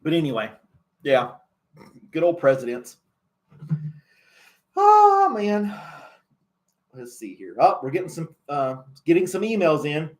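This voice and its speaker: A man's voice: fairly high pitch, wildly swooping pitch, measured pace, long pauses. A man hosting a casual chat show, talking loosely and laughing often. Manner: chatty, laughs a lot. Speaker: host.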